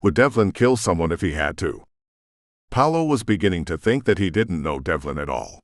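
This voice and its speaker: A man narrating an audiobook in an expressive storytelling manner, in a studio booth. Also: deep voice, normal speed, no echo. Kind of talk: scripted narration.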